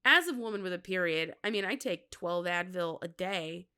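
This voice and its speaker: A woman's voice: on the low side, animated, moderate pace, pushed and bright, smooth. A woman in her thirties from Minnesota with a Midwestern accent, chatting candidly and jokily on her own podcast. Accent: Midwestern American. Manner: candid, self-mocking, jokey with laughs. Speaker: comedian podcast host. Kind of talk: casual solo podcast chat.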